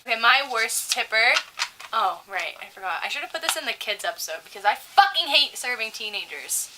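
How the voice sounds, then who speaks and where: A young woman with a bright, forceful voice tells salty stories in casual chat, swearing freely and leaning into the retelling. She pitches a little higher than most women. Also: a little fast, slight background noise, low-quality recording. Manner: profane, animated storyteller. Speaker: co-host.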